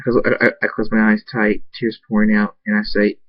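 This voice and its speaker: A man's voice: on the low side, monotone, fairly quick, few pauses, slightly rough, no room sound, dull audio. A man reading a fan story aloud, stumbling and restarting words often. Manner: hesitant reading with frequent restarts. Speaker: narrator.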